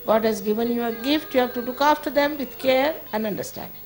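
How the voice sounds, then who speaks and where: Chiding spiritual teacher, a higher female voice. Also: fairly quick, soft background music. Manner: conversational, firm and chiding, often laughing. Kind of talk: informal spiritual talk to an audience.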